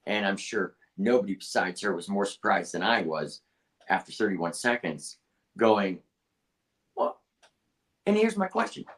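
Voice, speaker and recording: Man, low voice, casual podcast chat, blunt, swears a lot, stumbles and restarts. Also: measured pace, fairly bright tone. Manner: blunt, profane, emphatic with many restarts. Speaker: podcast co-host, artist.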